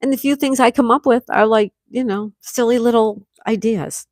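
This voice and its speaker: A woman's voice: a little high, normal speed, darkish tone, no room sound, studio quality. A woman hosting a casual livestream from home, reading out viewer comments and greeting each person by name. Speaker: livestream host reading chat. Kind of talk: casual live chat. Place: indoors at home.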